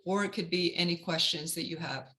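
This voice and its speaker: Brief: woman career counselor, very bright tone, steady teaching delivery for a webinar. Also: lowish voice, brisk, rough recording. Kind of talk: webinar talk.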